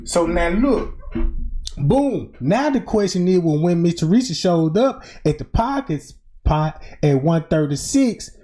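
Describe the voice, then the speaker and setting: This is a casual streamer unpacking a true-crime case for an audience. The voice is mellow and dark in tone, but it moves up and down a lot. It's loose, speculative talk peppered with "boom" and "right?". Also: sing-song, measured pace, faint music behind. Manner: informal, keeps saying "boom" and "right?". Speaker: livestream commentator.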